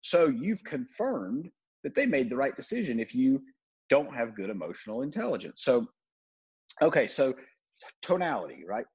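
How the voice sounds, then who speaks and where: A man's voice: mid-range voice, very animated, moderate pace, darkish tone, breathy edge, dull audio. A man hosting a podcast, giving blunt, profane sales coaching in a casual talk. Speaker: podcast host.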